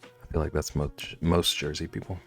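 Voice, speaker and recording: A man's voice: a bass voice, flat delivery, moderate pace, a bit bright. A man streaming casually while drawing, rambling and chatty, often trailing off into mumbles. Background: faint background music.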